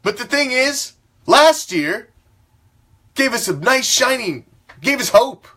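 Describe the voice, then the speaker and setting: A man's voice: extremely high pitch, sing-song, slow pace, pushed and bright. A man hosting a fan sports talk show, ranting with a profane, fired-up and emphatic delivery. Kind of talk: fan sports commentary rant.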